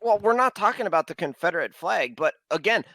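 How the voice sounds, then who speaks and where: A man's voice: high voice, animated, quick pace, pushed and bright, dry recording, poor audio. A man from the Mountain West arguing indignantly and emphatically in a heated political debate, repeating words when pressed. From Mountain West, United States. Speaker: debate panelist.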